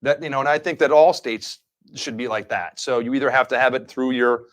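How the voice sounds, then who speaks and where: A man hosting a casual live-stream chat who talks at a brisk clip. He wanders through long anecdotes, circling back and piling on asides. His voice sits at an ordinary middle pitch. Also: fairly even intonation, fairly bright tone. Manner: rambling anecdotal storyteller. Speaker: livestream show host.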